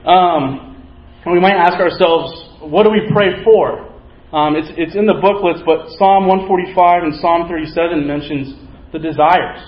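A man's voice: a little high, moderate pace. A man giving a sermon, telling a movie story and acting out its characters' lines. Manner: storytelling, acts out quoted characters. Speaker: preacher. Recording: echoey, slightly dull sound.

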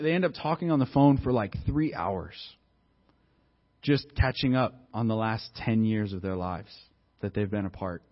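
A man's voice: medium pitch, lo-fi sound. A man preaching a sermon, telling a story in a conversational way and building to emphatic exhortation. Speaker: pastor.

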